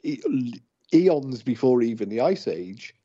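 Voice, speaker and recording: Co-host, male, hesitant and chatty, husky mellow tone, dull lo-fi radio sound. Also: medium pitch, big pitch swings, takes it slowly. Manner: hesitant, many fillers and restarts. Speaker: paranormal investigator, co-host. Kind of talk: casual radio talk.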